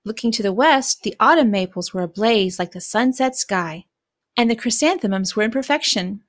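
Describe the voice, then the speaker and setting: A woman narrating a fairy tale in a clear, descriptive reading voice. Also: fairly high pitch, animated, normal speed, no room sound, clean studio sound. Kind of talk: storybook reading.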